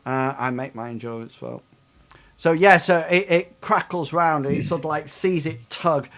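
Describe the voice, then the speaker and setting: A man running a tabletop game as game master, describing combat with many pauses and restarts. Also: fairly high pitch, a bit bright. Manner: hesitant, full of ums and restarts.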